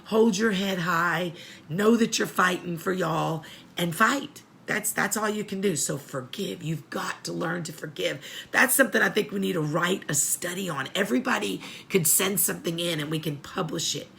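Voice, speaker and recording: On a show supporting prisoners' families, a middle-aged host offers heartfelt advice in a lowish, creaky, somewhat bright voice at normal speed. She talks earnestly and gets choked up while going back over her points, with slight background noise present.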